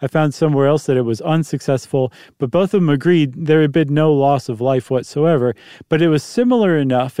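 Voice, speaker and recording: Mellow-voiced man chatting casually. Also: fairly high pitch, clean tone, no echo, clean studio sound. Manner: rambling, jokey, many fillers. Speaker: podcast co-host. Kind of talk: casual conversational chat.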